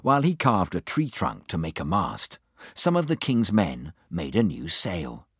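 Low husky male storybook narrator. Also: a little slow, no echo, studio quality. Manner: expressive, acting out each character. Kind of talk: storybook reading aloud.

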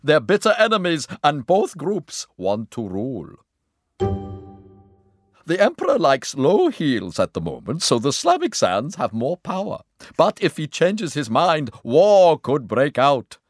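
A man's voice: fairly high pitch, wildly swooping pitch, slow pace, dry recording, studio quality, soft background music, voice pushed up, full character voice. A man voicing an anxious, fussy male court secretary in a storybook reading, pleading and urgent. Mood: worried.

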